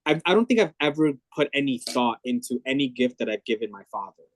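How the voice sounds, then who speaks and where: A man's voice: medium pitch, lively intonation, fast, slight background noise. A man being interviewed, talking reflectively and openly with frequent fillers and restarts. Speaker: guest. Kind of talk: candid conversational interview.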